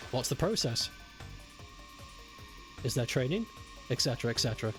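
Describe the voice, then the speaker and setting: With game music in the background, a young British man offers casual commentary on the game he's streaming, chatting with viewers, joking, swearing, and laughing with chat. His medium-pitched, fairly bright voice swings widely in pitch, moves at a moderate pace, and pauses often.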